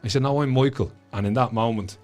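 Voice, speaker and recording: A man's voice: medium pitch, fast talker, darkish tone, faint music behind. A man with a Dublin Irish accent, a guest author telling a story with lots of swearing and acted-out voices. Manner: swears freely, acts out the voices in his stories. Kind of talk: animated storytelling.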